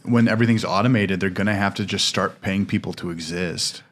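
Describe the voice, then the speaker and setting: Low voiced guy on a podcast, jokey, explains stuff like he knows it all. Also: a little fast. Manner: joking, confident explainer. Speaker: podcast co-host. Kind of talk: casual chat.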